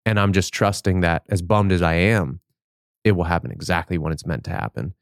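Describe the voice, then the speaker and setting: A man's voice: low-pitched, a little fast, dry recording, studio quality. A man hosting a podcast interview, talking in an earnest, grateful, casual way. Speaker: podcast host. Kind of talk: conversational interview.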